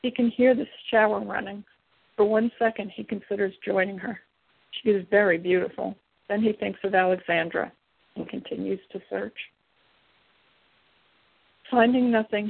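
Audiobook reader: woman, husky and gravelly, steady reading, tinny dry recording. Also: medium pitch, no echo. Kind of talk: reading a paranormal romance novel.

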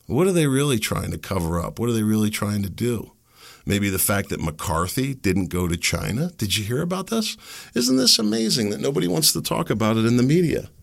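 Low gravelly man ranting on a podcast. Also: very animated. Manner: agitated, ranting with sarcastic laughs; rhetorical questions, halting restarts. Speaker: podcast host. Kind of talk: opinion podcast monologue.

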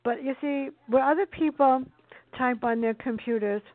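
A woman book reviewer chatting as a guest on a talk show, telling stories in a chatty, animated way over the phone. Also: high-pitched, normal speed, no room sound. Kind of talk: casual chat on a call-in show. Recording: tinny phone line.

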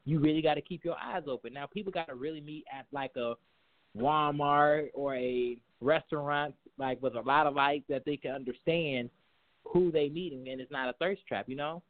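A man with a slightly high voice hosts a casual talk show at normal speed, asking questions and rambling as he searches for words. The audio sounds narrow, like a phone.

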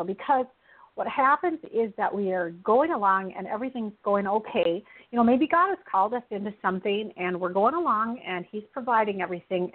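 A woman hosting a Christian talk show, telling personal stories earnestly and with animation, often laughing. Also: medium pitch. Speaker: radio show host. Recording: tinny phone-like sound.

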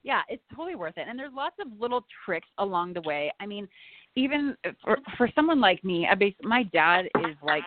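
A woman's voice: medium pitch, big pitch swings, fairly quick, dry recording. A woman in her forties, a guest in a casual chat, talking candidly, swearing freely and laughing easily. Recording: tinny phone-like line with faint noise.

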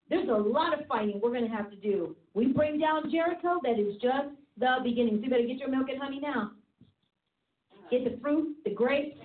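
A woman hosting a faith talk show, preaching in an animated, fired-up way and laughing often. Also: high-pitched. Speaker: host and preacher. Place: office studio. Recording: tinny phone-like sound in an echoey room.

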